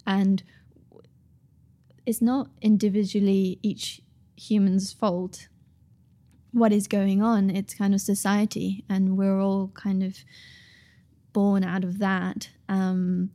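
Woman, podcast guest, warm mellow voice, earnest and reflective, halting casual delivery. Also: medium pitch, little pitch movement. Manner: thoughtful, earnest, many ums and restarts. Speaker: author and guest.

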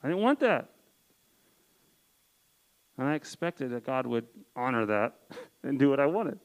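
Preaching to a campus group, a young man in his twenties shares a personal story earnestly, dropping in casual "like" fillers. His mid-range voice swings widely in pitch yet stays unhurried and smooth, though the audio is poor; he is a campus ministry speaker.

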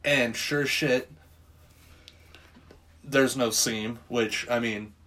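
A man's voice: mid-range voice, steady tone, drawn-out words, sharp tone. A man recapping a film in loose, rambling casual chat. He swears freely and acts out bits of dialogue along the way. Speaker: podcast co-host recapping a film.

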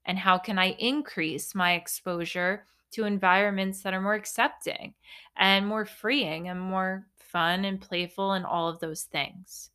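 A young adult woman hosting a solo podcast, telling a story in a chatty, animated way with playful self-mockery. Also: medium pitch, measured pace, smooth. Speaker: podcast host. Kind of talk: casual solo podcast monologue.

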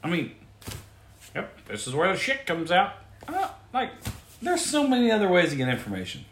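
Here a man with a high-pitched voice talks at normal speed over slight background noise, hosting a podcast full of profane, comedic takes on strange news. His delivery is crude and disbelieving, with lively outbursts, and the room echoes.

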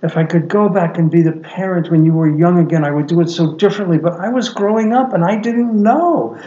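A man in his sixties, a podcast guest and father, telling a reflective story earnestly with lively swings in pitch. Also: a little fast. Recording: echoey, dull lo-fi sound.

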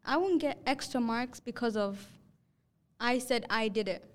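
A young woman hosting a podcast, telling a story in casual chat and acting out the quotes with lively jumps in her voice. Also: unhurried. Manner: animated, acts out quotes with rising pitch. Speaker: podcast host.

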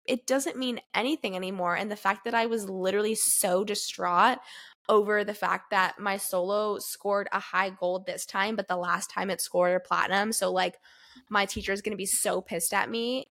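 A woman in her twenties co-hosting a podcast, talking casually with lots of "like" and lively retellings. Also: medium pitch, normal speed. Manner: chatty, heavy use of "like", animated retellings. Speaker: podcast co-host. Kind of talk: casual chat.

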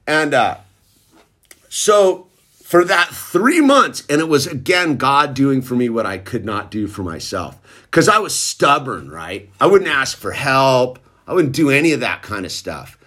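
Lively laid-back man telling a story. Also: medium pitch, measured pace. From Southern California. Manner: laid-back surfer slang, says dude a lot. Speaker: recovery storyteller. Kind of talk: casual storytelling.

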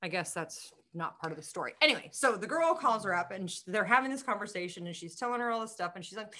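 A woman in her middle years co-hosts a casual podcast, her voice bright and forward. She tells candid, profane stories about dating and quotes people as she goes. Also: mid-range voice, lively intonation, fast talker, hardly any pauses. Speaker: podcast co-host. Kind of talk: casual chat.

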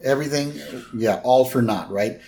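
A man's voice: mid-range voice, moderate pace, mellow. Man casually recapping a cartoon episode. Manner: retells scenes with quoted lines, fillers and "right?". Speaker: podcast co-host.

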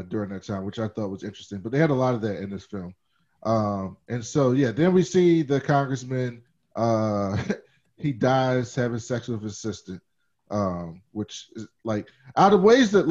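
A man's voice: medium pitch, darkish tone. Chatty man on a dull lo-fi recording. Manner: chatty, digressive, swears casually. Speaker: podcast co-host. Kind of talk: casual movie discussion. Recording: dull lo-fi sound.

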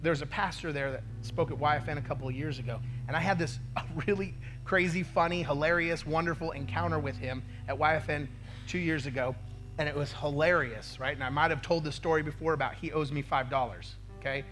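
A man's voice: fairly high pitch, fairly even intonation, fairly quick, a bit bright, a little hiss or hum. A male pastor preaching a sermon, telling a story with acted-out quotes and frequent "right?" asides to the congregation.

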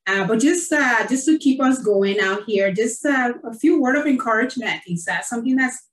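Woman host and nurse, effusive and chatty, slightly high, roomy far-off sound. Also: animated, moderate pace. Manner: effusive, many fillers, emotional. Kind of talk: casual online interview. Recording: roomy, distant from the mic.

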